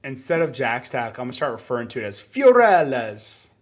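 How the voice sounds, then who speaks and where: Joking mid-pitched podcast co-host man. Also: rapid-fire. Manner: joking, teasing banter. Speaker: podcast co-host, former football player. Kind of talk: casual sports podcast chat.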